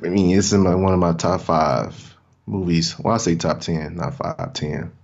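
A man's voice: low-pitched, normal speed, vocal fry. A laid-back man in casual movie talk, tossing in "man" at the end of his sentences. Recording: dull lo-fi sound.

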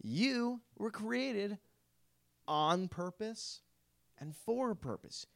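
A man's voice: high-pitched, expressive, very slow, vocal fry. A young man, a youth pastor, giving a casual Bible talk to a youth group, filling his speech with "like" and quizzing his listeners. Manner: chatty, lots of "like", quizzes the group.

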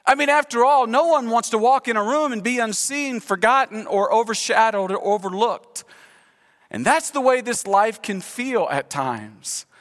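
High, bright-voiced pastor in a reverberant hall. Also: male voice, normal speed. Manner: expressive, swings from hushed prayer to lively storytelling. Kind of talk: sermon. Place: large church sanctuary.

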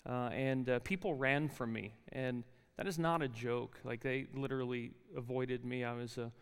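In a large, reverberant university chapel hall, a chapel speaker in his forties with a New Jersey accent delivers a sermon built on his life story. His mid-range voice is smooth and steady at a normal speed, though he uses many fillers and restarts.

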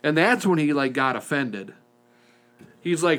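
A man co-hosting a podcast in a studio, telling a story with lively back-and-forth, acting out both sides of a phone call. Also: a little high, a little slow, pauses often. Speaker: podcast co-host. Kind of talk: casual chat.

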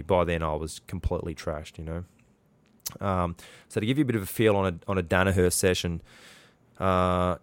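Deep-voiced Australian man rambling casually. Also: clear, resonant tone, no room sound. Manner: rambling, chatty, with many fillers and restarts. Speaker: podcast host. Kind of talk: casual storytelling.

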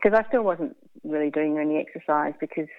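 A woman telling a hard personal story in an interview, frank and blunt, halting with fillers and restarts. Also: sits low, no echo. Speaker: interview guest. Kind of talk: candid emotional storytelling. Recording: phone-like dry line.

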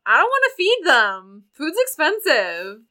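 A woman's voice: sits high, wildly swooping pitch, a little slow, bright, forceful tone. Brief: woman player, joking and dry, casual table talk. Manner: wry, playful. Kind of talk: tabletop role-play chat.

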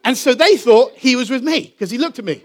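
An English pastor, whose voice sits unusually high for a man, gives a sermon full of lively intonation. He narrates with animation and lingers slowly over the phrases that matter most.

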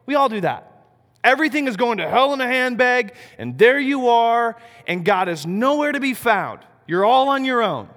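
A man preaching a sermon, animated, asking rhetorical questions and swinging between loud and soft. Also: very high voice, moderate pace. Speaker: pastor. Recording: long reverb of a large hall.

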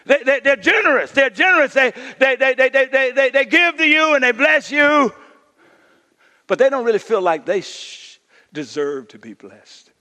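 A man preaching a sermon as pastor, emphatic, swinging from hushed lines to shouted ones. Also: very high-pitched, big pitch swings, normal speed. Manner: emphatic preaching, drops to near-whisper and rises to shouts. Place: church sanctuary. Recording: long hall reverb.

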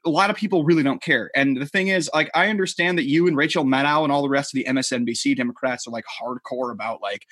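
A man's voice: on the high side, lively intonation, fast, few pauses, a bit bright, husky, no room sound, studio quality. A man co-hosting a podcast, arguing hard in a heated casual debate, swearing and cutting in. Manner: emphatic, swears, cuts in. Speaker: podcast co-host.

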